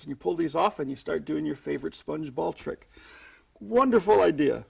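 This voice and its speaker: A man teaching sleight-of-hand tricks in a relaxed, chatty way. His voice sits a little high, with a gravelly, husky texture. He drops in playful little sound effects as he shows each move. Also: brisk. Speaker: magic instructor. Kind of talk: instructional magic tutorial.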